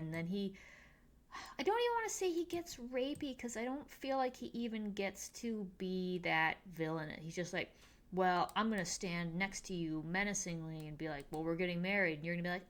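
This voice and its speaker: A young woman casually recapping a TV episode with dry sarcasm, tossing off quick mock quotes of the characters. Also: fairly low pitch, fairly bright tone. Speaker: podcast host recapping a TV episode.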